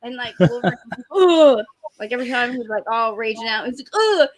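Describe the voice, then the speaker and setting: High-voiced animated woman chatting. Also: fast. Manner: animated, acts out cartoon voices. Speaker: podcast co-host. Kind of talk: casual chat.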